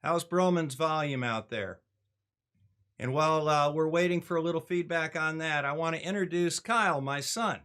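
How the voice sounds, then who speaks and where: A man's voice: on the high side, normal speed, pushed and bright, clean tone. A man hosting a casual livestream chat from his home, introducing guests with a folksy, joking manner. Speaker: host. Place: home in Northern Michigan.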